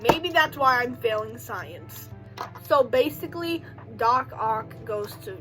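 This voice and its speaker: Woman, high voice, bright tone, casual film recap, rambling, filler-heavy, joking asides. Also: very animated, takes it slowly, soft background music, rough recording. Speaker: video creator recapping a film.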